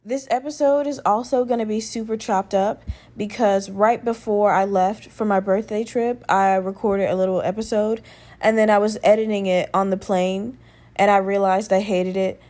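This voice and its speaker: A woman's voice: medium pitch, steady tone, normal speed, a little mellow. Chatty, profane woman podcast host. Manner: rambling, profane, conversational, with many fillers. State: slightly rough voice from a lingering respiratory infection. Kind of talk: casual solo podcast chat.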